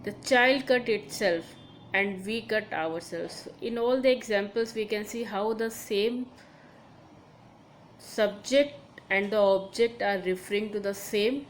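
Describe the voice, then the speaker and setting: A woman's voice: mid-range voice, a little hiss or hum, rough recording. Woman teacher. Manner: explains slowly, repeats examples, frequent "okay" and "see". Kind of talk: recorded online grammar lesson.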